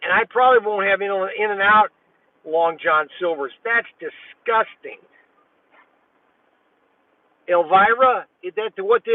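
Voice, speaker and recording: Man, rambling, folksy, chatting in a car, fairly high voice, thin lo-fi sound. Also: no echo, far from the mic. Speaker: vlogger. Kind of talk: casual rambling chat while driving. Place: inside a car at a drive-thru. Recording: tinny, phone-like sound.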